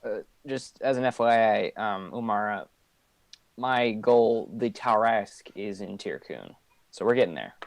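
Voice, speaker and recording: A man joins a tabletop game over a live stream and chimes in eagerly. His voice sits fairly low. The sound is dry and close. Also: lively intonation, measured pace, gravelly, no room sound. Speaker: player. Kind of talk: casual chat in a tabletop game.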